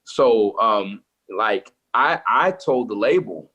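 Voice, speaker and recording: A man, a gospel singer, talking casually in an interview, turning animated and preacher-like when excited. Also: fairly low pitch, slow, few pauses, breathy edge.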